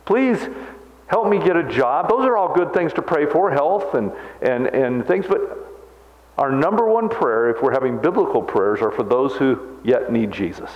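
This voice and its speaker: A man in his sixties preaching a sermon as pastor, animated and self-mocking, with quick jokes. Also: mid-range voice. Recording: echoey hall, dull lo-fi sound.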